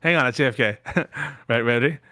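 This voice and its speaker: A man's voice: medium pitch, fairly quick, bright, forceful tone, no echo, clean studio sound. A man giving casual, sarcastic reaction commentary on video clips. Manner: sarcastic, joking. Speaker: stream guest commentator.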